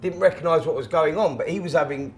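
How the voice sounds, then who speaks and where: A man's voice: fairly high pitch, fast, a little hiss or hum. A middle-aged man, a former boxer guesting on a podcast, telling stories in a casual, rambling way with many repeated words. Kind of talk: casual storytelling.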